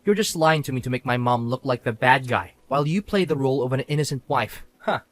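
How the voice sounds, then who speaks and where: A man's voice: mid-range voice, lively intonation, fast, dry recording, close to an everyday voice. Man playing a sneering, mocking young husband. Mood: angry. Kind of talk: acted drama dialogue.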